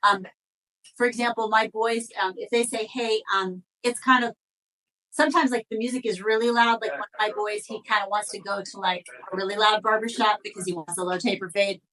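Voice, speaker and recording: Interview host: a woman with a mid-pitched voice, casual and a little hesitant as she asks. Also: fairly even intonation, sharp tone, poor audio. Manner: halting questions, many fillers and restarts.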